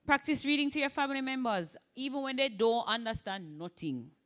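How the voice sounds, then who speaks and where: Jamaican woman, Spanish teacher, bright and tense-edged voice, exam-prep lecture, keeps asking "right?". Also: high voice. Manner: frequent "right?" checks, lively emphasis, models Spanish words slowly.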